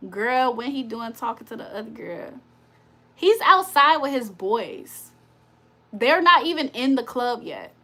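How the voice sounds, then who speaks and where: Blunt high-voiced woman streamer. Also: big pitch swings, a little slow, bright, forceful tone. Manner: blunt, profane, confrontational. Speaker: livestream host. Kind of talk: casual live chat to viewers.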